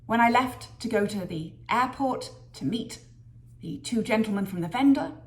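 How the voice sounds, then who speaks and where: A woman vlogging a workplace story, lively and acting out the voices of people she quotes. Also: a little high, normal speed. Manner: lively storyteller who acts out quoted dialogue. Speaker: business leader sharing a career story. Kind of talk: storytelling vlog.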